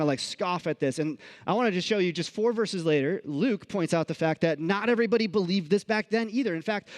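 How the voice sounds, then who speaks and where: A man preaching a sermon in a church, telling stories in a conversational way with frequent restarts and asides. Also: high voice. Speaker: pastor. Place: church sanctuary.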